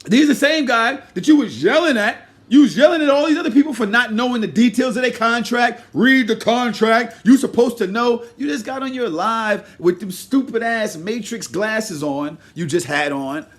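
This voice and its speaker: A man giving a heated, profane commentary rant, swinging between loud shouting and low muttered asides. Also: animated, moderate pace, few pauses. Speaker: commentary vlogger. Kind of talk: ranting commentary.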